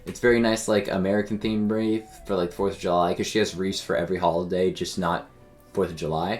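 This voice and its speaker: A man's voice: low voice, fairly even intonation, fairly quick, faint music behind. A young man streaming games and telling a story in a rambling, filler-heavy, self-deprecating way. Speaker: game streamer. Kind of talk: casual storytelling while streaming.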